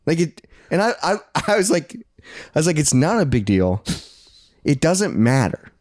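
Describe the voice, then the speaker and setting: A man's voice: fairly high pitch, sing-song, moderate pace, a little mellow, no room sound, studio quality. A man in his late twenties, co-hosting a podcast in casual chat, blunt and profane, laughing often. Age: 20s. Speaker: podcast co-host.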